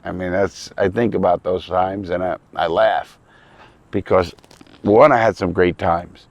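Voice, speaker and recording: Gravelly deep-voiced New York man. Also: fairly even intonation, unhurried, dry recording. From New York City. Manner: blunt, profane, rambling and earnest. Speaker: ex-criminal vlogger. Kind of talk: casual outdoor talk to camera. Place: outdoors at a lakeside campground.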